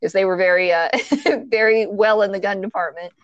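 A woman co-hosting a casual chat. She tells a story with energy, swears freely and acts out the lines she quotes in a loud voice. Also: mid-range voice, moderate pace, dry recording, muffled recording.

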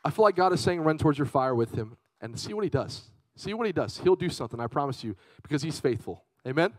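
A young man preaching a lively youth sermon, telling stories with big swings from loud to hushed. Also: fairly high pitch, fast, dry recording, poor audio. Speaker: youth pastor.

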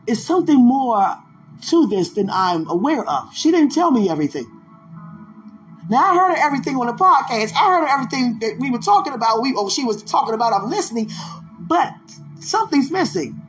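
High-voiced woman sharing a faith testimony. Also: very animated, fairly quick, faint music behind. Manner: emotional, pleading repetitions. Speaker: podcast host.

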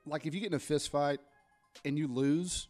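A man co-hosting a casual podcast, telling sales stories in an animated way and acting out his conversations with customers. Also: a little high, moderate pace, soft background music. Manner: animated storyteller, acts out customer exchanges. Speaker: podcast co-host, car salesman.

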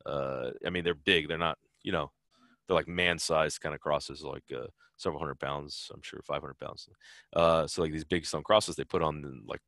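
A man's voice: very deep voice, steady tone, moderate pace, vocal fry, fairly bright tone, dry recording, studio quality. A man answering interview questions in a loose, rambling way, full of fillers and restarts. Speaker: interview guest, traveler. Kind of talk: casual conversational interview.

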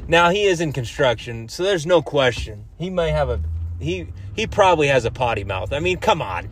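A man's voice: fairly high pitch, animated, measured pace, pauses often, slight background noise. A man vlogging about his day in a loose, rambling way, swearing freely and filling gaps with ums. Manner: heavy swearing, loose and rambling with many fillers. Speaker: hunting vlogger and podcaster. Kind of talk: casual rambling talk to camera.

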